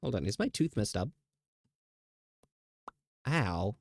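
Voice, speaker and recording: Lively chatty male streamer, dry sound. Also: on the low side, slow, gravelly, dry recording. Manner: rambling, chatty, self-teasing with laughs. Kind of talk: casual live stream chat.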